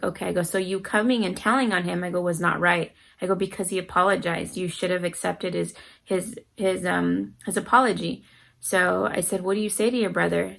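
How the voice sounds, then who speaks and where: A woman's voice: lowish voice, gravelly, a bit bright, low-quality recording. A middle-aged mother talking casually to camera with parenting advice, earnestly acting out her children's voices as she tells stories. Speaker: parenting vlogger.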